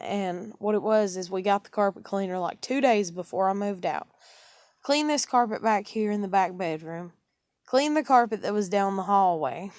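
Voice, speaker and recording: A woman's voice: mid-range voice, no echo, clean studio sound. A woman in her thirties, a stressed and exhausted single parent, venting in a casual, profane monologue at home with heavy sighs. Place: indoors at home.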